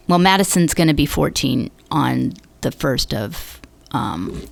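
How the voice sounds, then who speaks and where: A middle-aged woman from Northern California tells rambling stories in a casual interview. Her voice is low and gravelly, and she jumps up high when she acts out what other people said. The sound is close and dry, with no room around it. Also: expressive, a little slow, no echo. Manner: chatty storyteller who acts out quoted voices with big pitch jumps. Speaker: podcast guest, yoga business founder.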